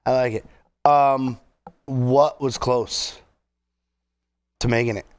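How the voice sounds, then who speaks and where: A man's voice: medium pitch, fairly even intonation, takes it slowly, clean tone, no room sound. A man hosting a casual podcast, joking around, laughing easily and asking loose, rambling questions. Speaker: podcast host.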